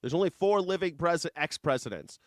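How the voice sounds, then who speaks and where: A man hosting a live news reaction show, profane and mocking, at times slipping into a soft taunting croon. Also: fairly high pitch, animated, brisk, no echo, studio quality. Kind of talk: live political commentary.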